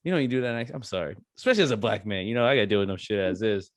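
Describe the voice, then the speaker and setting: A young man co-hosting a casual podcast, joking around and laughing easily with quick asides. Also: on the low side, expressive, no room sound, studio quality. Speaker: podcast co-host.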